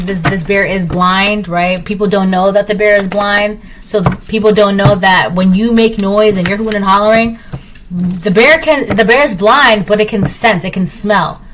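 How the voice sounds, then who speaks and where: Over a noisy background, a woman with a medium-pitched voice gives her viewers a casual tarot reading. She repeats herself often, keeps checking in with "right?", and acts out little voices in her examples.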